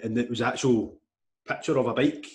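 A young Scottish man co-hosting a podcast, chatting in an easygoing, hesitant way with many pauses and ums. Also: mid-range voice, steady tone, a little mellow. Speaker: podcast co-host. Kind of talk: casual chat.

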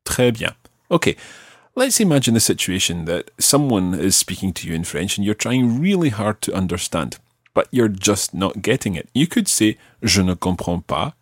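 A man hosting a podcast language lesson, teaching patiently and slowing down to spell out each phrase. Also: lowish voice, very animated, no echo, studio quality.

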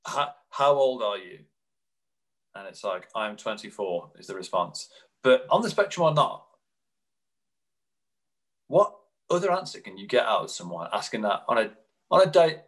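Brief: male podcast co-host, lively storyteller, drops into quick impressions. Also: medium pitch, rough recording. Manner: animated storyteller, mimics people in quick put-on quotes. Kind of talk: casual chat.

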